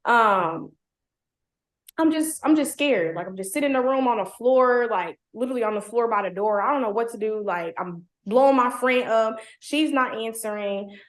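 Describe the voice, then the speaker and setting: Young woman, casual storyteller, slangy and blunt, lots of "like", higher-pitched, echoey room. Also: normal speed. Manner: heavy "like" fillers, slangy, blunt. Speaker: guest telling her story. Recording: roomy echo.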